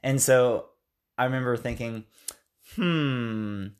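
Chatting loosely about a film on a podcast he co-hosts, this American man speaks at a moderate pace in a mid-range voice. He wanders off track, corrects himself, and performs lines from the film.

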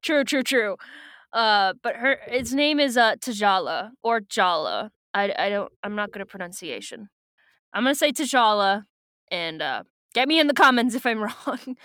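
A woman co-hosts a podcast, casually and gigglingly recapping a book with plenty of fillers. Her medium-pitched voice is animated and a bit bright at normal speed, in a dry recording with clean studio sound.

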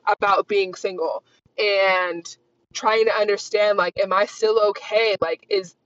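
A woman's voice: mid-range voice, fairly even intonation, unhurried, fairly bright tone, no room sound. A candid young woman in her twenties rambles through a casual solo podcast, leaning on "like" as she thinks aloud. Her voice is recorded close and dry, with a slightly dull, lo-fi tone. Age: 20s. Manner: rambling, candid, heavy use of "like". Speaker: podcast host.

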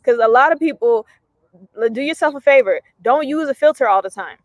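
Young woman, talk show host, lively and emphatic, slangy, fairly high voice, dry sound. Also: fairly quick, no room sound. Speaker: podcast host. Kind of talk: casual chat.

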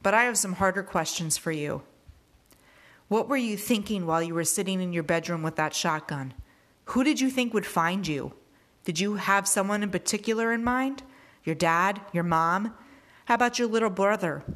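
A woman's voice: mid-range voice, close to an everyday voice. A woman reading aloud as a grieving teenage classmate who presses with pointed questions.

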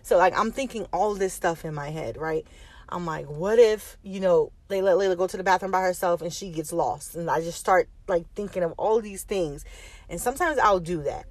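A woman's voice: lowish voice, a little fast, dry recording. Candid, rambling woman telling a story. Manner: rambling, repetitive, casual swearing. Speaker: mother telling a personal story.

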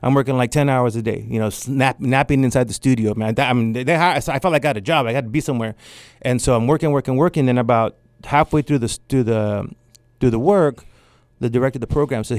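A middle-aged man from Mexico, an artist telling animated stories in an interview and acting out what others said. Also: medium pitch, fast talker, dry recording. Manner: animated storyteller acting out quotes. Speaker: artist and guest. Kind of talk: storytelling interview.

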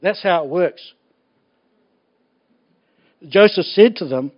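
A man preaching a sermon in an animated, joking way, laughing often. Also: high voice, moderate pace, pauses often. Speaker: pastor. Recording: dull lo-fi recording.

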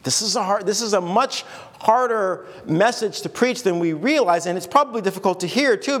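High-voiced pastor, chatty and conversational. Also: male voice, long reverb tail. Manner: conversational, with restarts and acted asides. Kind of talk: sermon. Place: church.

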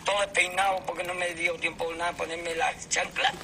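Excited high-pitched man shouting. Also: quick pace, slight background noise. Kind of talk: viral clip played from archive.

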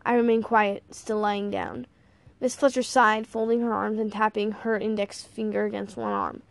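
A woman's voice: mid-range voice, flat delivery, normal speed, vocal fry, no echo. A woman narrating a first-person audiobook in a wry, playful storytelling manner.

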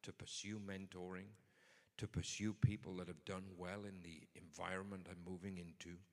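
A man's voice: low voice, level tone, normal speed, long reverb tail. A man preaching a sermon in a conversational but emphatic way. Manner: conversational, emphatic, builds to forceful points.

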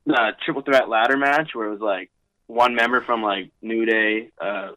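Young male podcast guest, twenties, lowish voice with a bright edge, rambling and filler-heavy. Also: moderate pace, dry recording, poor audio. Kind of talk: casual podcast chat.

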